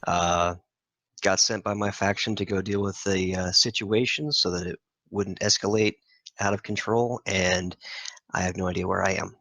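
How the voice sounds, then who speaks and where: A man playing in a tabletop game, relaxed, with frequent fillers. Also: low voice, normal speed, dry recording, poor audio. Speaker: player.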